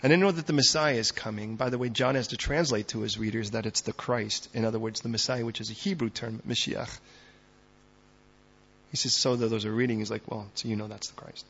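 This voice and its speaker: Gravelly male pastor preaching a sermon. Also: medium pitch, fairly even intonation, fairly quick, muffled recording. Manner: dramatic, swings from loud to hushed.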